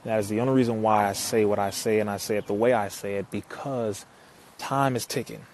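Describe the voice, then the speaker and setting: A man's voice: lowish voice, fairly even intonation, brisk, darkish tone, a little hiss or hum. Emphatic man hosting a live stream. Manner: emphatic, repeats lines for effect; reads and answers viewer comments aloud. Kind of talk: casual live-stream monologue to viewers.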